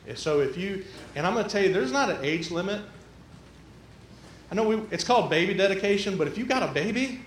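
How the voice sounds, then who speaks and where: A man's voice: high-pitched, a bit bright, slight background noise. A man preaching a sermon, folksy and conversational, with a church's roomy echo. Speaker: pastor. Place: church sanctuary.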